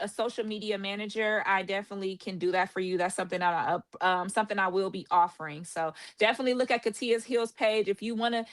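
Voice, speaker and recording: Bright, chatty woman podcast host. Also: mid-range voice. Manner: chatty, promotional, frequent "um" fillers. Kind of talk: casual chat.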